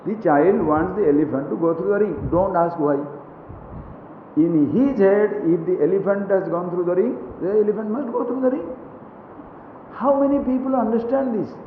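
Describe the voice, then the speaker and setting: A man's voice: high voice, moderate pace. A man giving a spiritual discourse, telling stories and asking his audience rhetorical questions. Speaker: spiritual teacher. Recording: tinny, echoey hall recording with faint hiss.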